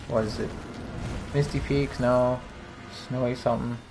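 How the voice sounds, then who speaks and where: A man's voice: medium pitch, fairly even intonation, measured pace, gravelly, noisy background. A young man hosting a casual gaming podcast, telling personal stories in a candid, rambling way with plenty of fillers. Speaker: podcast host.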